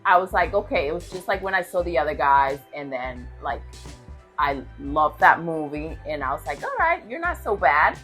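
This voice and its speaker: A woman on a gaming podcast chats in a lively, casual way, often breaking into laughter. Her voice is bright and forward, and faint music plays underneath. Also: deep voice, normal speed. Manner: animated, laughs often, teasing back. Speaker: podcast co-host. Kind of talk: casual chat.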